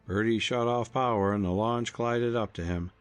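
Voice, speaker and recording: A man narrating an audiobook in an even storytelling delivery. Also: mid-range voice, normal speed, clean tone, soft background music.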